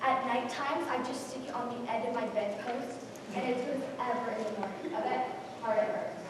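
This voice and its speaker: Stage casting: woman as a bragging gum-chewing girl, high voice, far off in a booming hall. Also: steady tone, moderate pace, lightly acted. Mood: smug. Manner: chatty and boastful. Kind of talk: stage play acting. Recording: echoey hall from far off, noisy.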